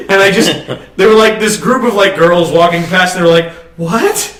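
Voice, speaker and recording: A man's voice: high-pitched, normal speed, pushed and bright. A young man on a podcast telling a retail work story, acting out the voices of people in it and laughing a lot. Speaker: podcast co-host. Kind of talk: casual chat. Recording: echoey room, distant mic.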